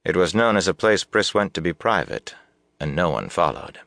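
A man reading a fantasy novel aloud as audiobook narration, with a measured, even storytelling delivery. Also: sits low, vocal fry, dry recording, clean studio sound. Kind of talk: scripted narration.

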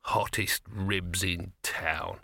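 A man's voice: mid-range voice, lively intonation, normal speed, bright, forceful tone, no echo, studio quality. A man voicing a shrewd young man who needles with pointed understatement, in an audiobook reading. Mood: needling.

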